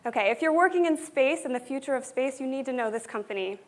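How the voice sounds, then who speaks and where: A woman's voice: sits high, animated, fast talker. A woman giving a conference keynote to a live audience, talking in an upbeat, earnest and conversational way. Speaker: conference speaker.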